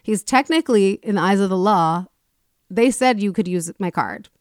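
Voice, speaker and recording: A woman hosting a casual talk show, retelling a story in an animated way and acting out the people in it. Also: medium pitch, normal speed, dry recording, clean studio sound. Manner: animated retelling, acts out quoted people with swearing. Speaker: podcast host.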